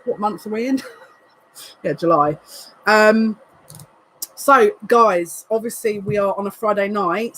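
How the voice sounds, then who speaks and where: Excitable woman giving a live card reading. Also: medium pitch, rough recording. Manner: excitable, emotional, breathless asides. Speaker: psychic tarot reader.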